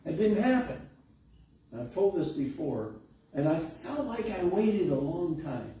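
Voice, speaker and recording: A man's voice: on the high side, big pitch swings, unhurried, mellow. A middle-aged man pastor telling a folksy, conversational story during a sermon in a large church. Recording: echoey hall, distant mic, faint hiss.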